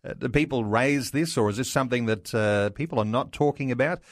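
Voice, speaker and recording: A man, hosting a radio talk show interview in a measured, unhurried way. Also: mid-range voice, dry recording, clean studio sound. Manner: measured, unhurried, with occasional fillers. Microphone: studio microphone.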